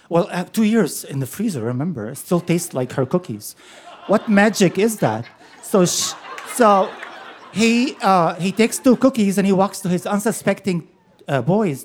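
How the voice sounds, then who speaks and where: A man in his sixties telling a personal story on stage, animated and laughing as he goes. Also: high voice.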